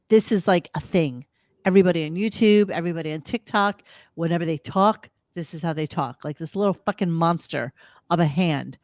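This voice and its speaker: A woman hosting a loose talk show, sarcastic and quick to rant, swearing as she goes. Her voice sits on the low side. It is recorded dry and close. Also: darkish tone, no room sound. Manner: ranting, sarcastic, profane. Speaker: podcast host. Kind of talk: casual chat.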